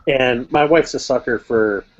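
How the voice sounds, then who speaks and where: A man who runs tabletop games chats casually, pausing and repeating words as he goes. His pitch sits in the middle. The call audio sounds dull and lo-fi. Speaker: game master and host. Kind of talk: casual chat.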